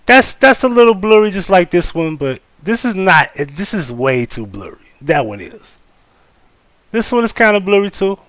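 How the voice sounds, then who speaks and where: A man's voice: fairly high pitch, very animated, measured pace, a bit bright, no echo. A man hosting a live stream, giving blunt, profane, casual commentary and talking straight to his chat. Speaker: livestream host.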